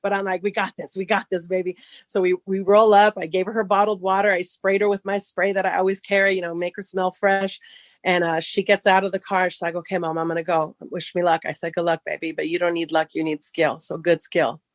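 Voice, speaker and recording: A middle-aged woman from Southern California, a podcast guest telling a personal story casually and acting out the dialogue, her voice rising high when excited. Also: brisk, dry recording.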